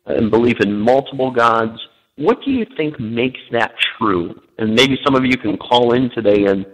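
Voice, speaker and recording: A man's voice: medium pitch, a bit bright, rough recording. A man, a guest minister, chatting on a talk show over the phone, hesitant with many fillers and given to joking. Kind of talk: casual chat on a talk show.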